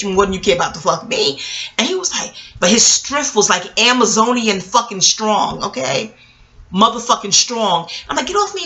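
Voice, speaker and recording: A woman's voice: mid-range voice, low-quality recording. A woman, telling a story to her viewers in a loose, profane, slangy way. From New York. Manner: animated, profane, street slang, talks straight to viewers. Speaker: vlogger. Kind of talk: casual storytelling.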